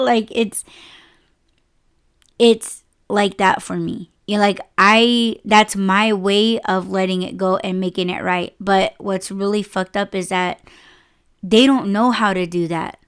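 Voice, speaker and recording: A woman's voice: medium pitch, steady tone, slow pace, smooth. A young woman hosting a podcast, telling a personal work story casually and emotionally, with many fillers and restarts, close to tears. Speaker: podcast host.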